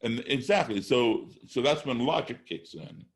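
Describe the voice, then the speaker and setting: A middle-aged man from the United States tells a conversational story on a podcast, speaking a little slowly in an animated mid-range voice. He is emphatic, lays out his points step by step, and performs classroom exchanges.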